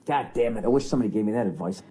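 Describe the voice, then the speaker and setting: A man's voice: lowish voice, racing, warm tone. A man giving blunt, profane advice in a casual podcast chat. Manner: blunt, profane, matter-of-fact.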